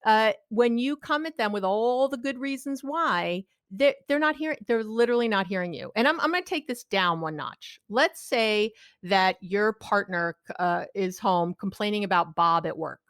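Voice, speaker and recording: A middle-aged woman speaking as a guest expert in an interview, explaining her ideas in an animated way and acting out the people she quotes. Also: moderate pace, few pauses, no room sound, clean studio sound. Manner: acts out quoted people with big pitch jumps. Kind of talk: animated advice-giving interview talk.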